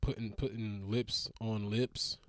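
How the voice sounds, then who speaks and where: A young man riffing in a casual comedic monologue, rambling and profane, with big jumps up in pitch when he gets worked up. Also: level tone, slow pace, fairly bright tone, dry recording, clean studio sound. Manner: trails off into mutters.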